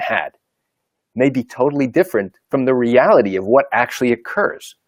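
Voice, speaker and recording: A man's voice: fairly high pitch, darkish tone, no echo, studio quality. Emphatic man lecturing to camera. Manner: emphatic, repetitive, rhetorical questions. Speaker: lawyer. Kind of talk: live video talk to camera.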